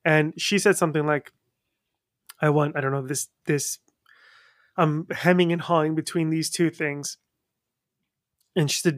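A man hosting a podcast interview, chatting casually and telling funny stories with quick voice switches. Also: fairly high pitch, fairly even intonation, no room sound, studio quality. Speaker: podcast host.

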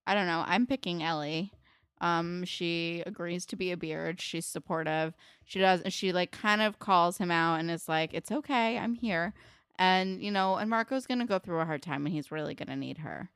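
A young woman shares relaxed, opinionated takes as a co-host, with frequent "um" and "you know". Her voice sits a little low. The sound is dry and close. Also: normal speed, smooth, dry recording. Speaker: podcast co-host. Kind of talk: casual chat recapping a TV episode.

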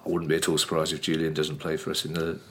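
Low-voiced man in football podcast chat. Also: monotone, quick pace, a bit bright, slight background noise. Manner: opinionated, teasing, with frequent restarts. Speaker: podcast co-host.

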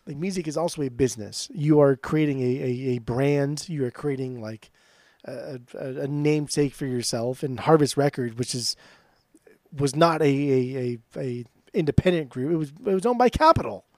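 A man co-hosting a podcast in casual, profane chat, animated and laughing often. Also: mid-range voice, moderate pace, no room sound, clean studio sound. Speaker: podcast co-host.

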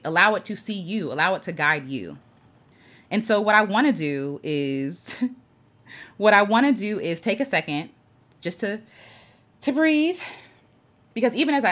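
A woman hosting a livestream, greeting viewers and slowly guiding breathing and spoken affirmations in an earnest tone. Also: lowish voice, fairly bright tone. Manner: greets chat viewers by name. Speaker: livestream host. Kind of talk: guided reflection livestream.

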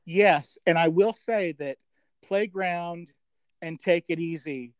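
A man's voice: on the high side, clean tone, no echo, poor audio. A middle-aged man as a podcast guest, reminiscing in casual chat, rambling with many fillers and joking at his own expense. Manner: chatty, rambling, full of 'um' fillers; self-deprecating, quick to joke.

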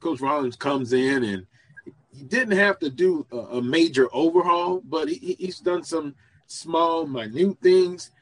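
A man with a slightly raised voice answers questions as a guest on a sports talk show. He speaks in a measured way and often restarts his sentences. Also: fairly high pitch, expressive, fairly bright tone. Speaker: guest radio host. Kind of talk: interview answers.

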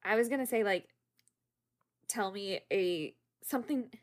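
A woman's voice: medium pitch, a little slow. Giggly young woman chatting casually. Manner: giggly, rambling, prone to bursts of laughter. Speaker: podcast co-host. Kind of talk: casual chat.

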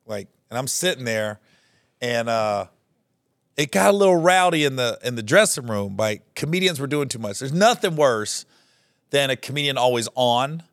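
A man who is a podcast guest, recalling stories in a relaxed, chatty way with asides. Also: mid-range voice, normal speed, no room sound, studio quality. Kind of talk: casual conversation.

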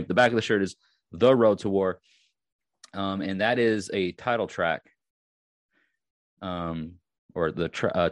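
Man, Long Island accent, deep voice, rambling podcast host, dry close sound. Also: no echo. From Long Island, New York. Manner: rambling, many restarts and fillers. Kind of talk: casual solo podcast talk.

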